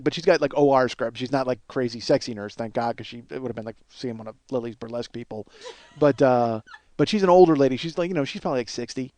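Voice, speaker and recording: A man hosting a comedy podcast, telling a rambling story in an animated way, swearing and laughing often. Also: medium pitch, no echo. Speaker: podcast host.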